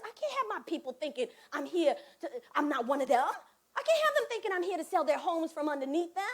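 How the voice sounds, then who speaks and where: A woman's voice: high voice, quick pace. A middle-aged woman telling sassy comic stories in a one-woman stage show, acting out the people in them. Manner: animated, sassy storytelling with mimicry. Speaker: comedic solo performer. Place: theater stage.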